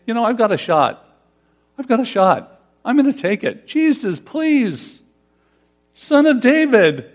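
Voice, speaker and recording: A man's voice: very high voice, sing-song, unhurried, pauses often, pitched above the performer's own voice, full character voice. A man voicing a desperate blind beggar who calls out in pleading tones. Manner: pleading, rising urgency.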